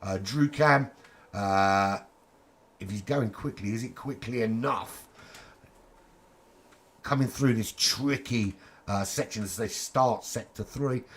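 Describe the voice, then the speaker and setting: A man commentating a sim racing qualifying session in a chatty, cheeky way, with casual swearing and quick asides. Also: mid-range voice, gravelly, fairly bright tone, breathy edge. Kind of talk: live esports race commentary.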